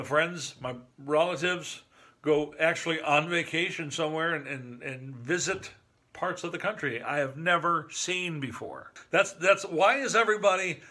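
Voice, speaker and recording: A sixty-year-old man from northern Michigan rambles on to his camera, cracking jokes and chuckling at them. His voice sits a little high for a man, with a bright, forceful edge. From northern Michigan, USA. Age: 60s. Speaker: vlogger. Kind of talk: casual monologue to camera.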